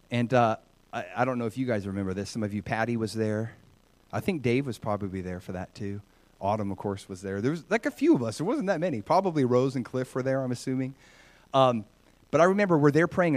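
A middle-aged man preaching a sermon, retelling scripture with lively voiced asides. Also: mid-range voice. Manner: animated, voices God and characters in bursts. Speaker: pastor.

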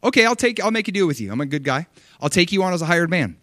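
A man's voice: high voice, sing-song, fast talker, sharp tone, no echo, clean studio sound, voice pushed up, heavily acted. A man voicing a grudging father who haggles and hesitates over taking his son back. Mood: bargaining.

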